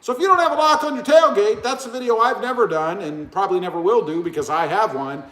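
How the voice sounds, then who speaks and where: A man hosting a casual live stream, rambling and joking as he reads out comments. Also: quick pace. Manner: rambling, joking, lively pitch swings. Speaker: livestream host. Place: indoor room, 88 degrees. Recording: echoey room.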